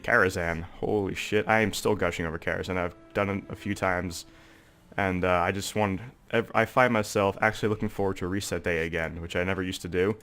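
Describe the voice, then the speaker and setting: This is a young male gaming creator with a congested, stuffy voice and a sore throat, rambling through laid-back gameplay commentary peppered with "like" and "um." He talks fairly quickly in a low-pitched, fairly bright voice with fairly even intonation.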